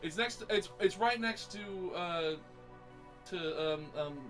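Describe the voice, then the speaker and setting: A man narrating as game master in a tabletop game, talking in halting bursts with many restarts. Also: sits high, a bit bright, faint music behind.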